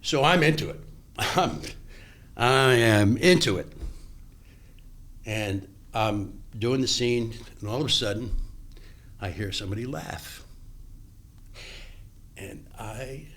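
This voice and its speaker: Older man, actor guest, animated storyteller, acts out old dialogue, mid-pitched, restarts a lot. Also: slow pace, pauses often. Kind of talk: storytelling in a podcast interview.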